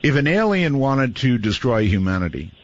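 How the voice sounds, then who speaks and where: A man hosting a late-night call-in radio show, relaxed and easily amused, talking with guests and callers. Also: medium pitch, normal speed. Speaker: radio talk show host. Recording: muffled radio broadcast audio.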